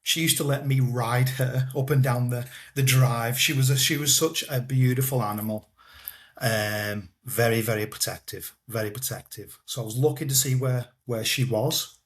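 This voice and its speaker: Man, guest, personal story, halting delivery with repeats and soft trailing endings. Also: medium pitch, steady tone. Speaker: guest telling his life story. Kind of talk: personal storytelling in a podcast interview.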